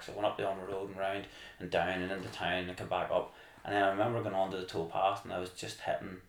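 A man telling a rambling, animated story as a podcast guest. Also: deep voice. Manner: animated, rambling, acts out his own excited shouting. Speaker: podcast guest, marathon runner. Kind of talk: casual storytelling. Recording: echoey room.

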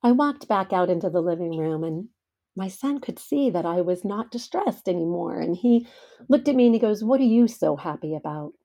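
A woman's voice: fairly low pitch, expressive, moderate pace, dark tone. A middle-aged woman hosting a devotional podcast, telling stories in an earnest, heartfelt way. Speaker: podcast host.

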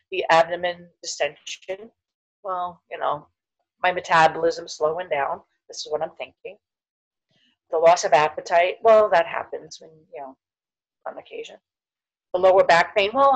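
A woman's voice: lowish voice, low-quality recording. A middle-aged woman telling her own story as a podcast guest. She slips into the voices of the people she quotes. At the heavy moments her voice falls almost to a whisper. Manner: animated storyteller, acts out quoted voices, drops to near whisper at hard moments. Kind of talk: personal storytelling interview.

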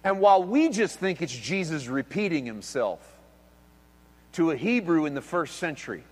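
Male pastor, high voice, animated sermon delivery, shifts from hushed to loud, big church hall reverb. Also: a little slow. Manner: animated preaching, swinging between hushed and loud.

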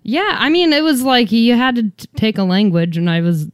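A woman guest in casual chat, animated and self-mocking, swearing freely. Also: on the high side, normal speed, clear, resonant tone, dry recording, studio quality.

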